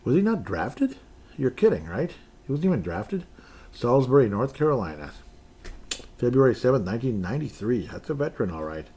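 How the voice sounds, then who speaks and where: A man's voice: medium pitch, sing-song, brisk, dark tone, a little hiss or hum. A man hosting a solo sports podcast, rambling and joking as he goes through player contracts, sometimes playing with his voice. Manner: rambling, jokey, plays with his voice. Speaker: podcast host.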